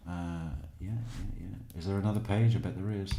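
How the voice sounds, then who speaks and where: A man's voice: low voice, steady tone, moderate pace, gravelly, hardly any pauses, dark tone. A man giving casual true crime commentary who laughs mockingly at a book he reads aloud.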